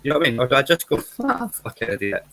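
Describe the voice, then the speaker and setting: A man's voice: medium pitch, big pitch swings, racing, pushed and bright, no echo, low-quality recording. Blunt scottish guy from edinburgh on a livestream, sweary, voice jumps all over the place. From Scotland. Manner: blunt, sweary, keeps asking "you know what I mean?". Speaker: guest on a livestream. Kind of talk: casual chat.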